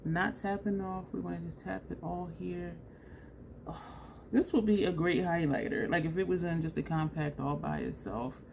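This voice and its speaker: A woman's voice: fairly low pitch, normal speed, creaky, a little mellow, slight background noise. A woman chatting casually in a makeup vlog at home, laughing and trailing off mid-sentence. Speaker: beauty vlogger.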